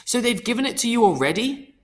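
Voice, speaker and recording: A woman's voice: a little high, sing-song, fast, voice pushed up. A man voicing an overjoyed mother on the phone, shrieking with delight. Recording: long hall reverb.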